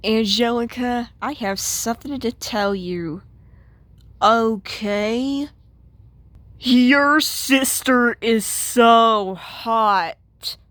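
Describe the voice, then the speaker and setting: Girl doing a clingy sensitive washing machine bf, whiny, super slow talker. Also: a little high, a bit bright, dry recording. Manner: doting, whiny, possessive. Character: clingy, oversensitive male washing machine boyfriend. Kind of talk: comic strip voice acting.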